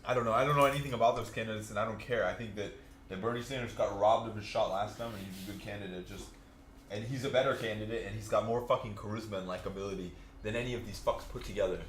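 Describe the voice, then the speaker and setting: A man's voice: lowish voice, steady tone, fast talker. Blunt, swearing man ranting in an echoey room. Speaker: podcast co-host. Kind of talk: casual chat while streaming a game. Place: home streaming setup. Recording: roomy echo, background noise. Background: game sounds.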